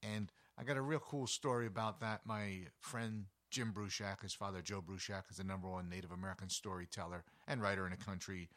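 This is a man giving an educational nature talk in a loose, storytelling way. His voice sits low but sounds bright and forceful. He chats along with plenty of casual asides. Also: fairly quick, hardly any pauses. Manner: folksy and animated, with chatty asides. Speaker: wildlife educator. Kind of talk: conversational nature talk with anecdotes.

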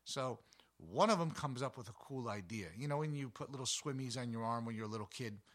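A man hosting his own show, from New Jersey, telling outdoor stories in a casual, animated way with jokes and plenty of ums. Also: medium pitch, fairly quick. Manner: animated, jokey, fillers and self-corrections. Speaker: show host. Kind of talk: casual storytelling monologue.

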